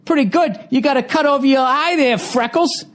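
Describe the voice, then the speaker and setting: A man's voice: extremely high pitch, normal speed, voice pushed up. A man mimicking a cocky young male fighter who brushes off hits in a nonchalant, mocking way. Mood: smug shrug.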